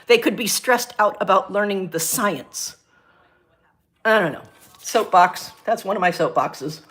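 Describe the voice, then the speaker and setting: Brief: middle-aged woman streamer, ex-teacher, lively ranting storyteller. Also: measured pace. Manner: animated, ranting storyteller with big pitch jumps. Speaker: livestream host, former science teacher. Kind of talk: casual chat on a livestream.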